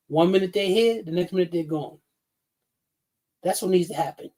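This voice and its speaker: A man's voice: high-pitched, fairly quick, mellow. Blunt New man in his fifties. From New York City. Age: 50s. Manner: blunt, profane, emphatic. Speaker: livestream host. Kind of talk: casual livestream rant.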